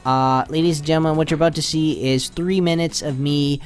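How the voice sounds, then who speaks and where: A man's voice: on the high side, steady tone, a little fast, soft background music. A man doing a casual, rambling voice-over commentary on his own gameplay, often retelling his reactions. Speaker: channel host.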